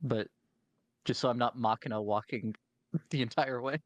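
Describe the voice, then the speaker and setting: A man's voice: medium pitch, moderate pace, no echo. A man casually describing his character's actions as a player in a tabletop game.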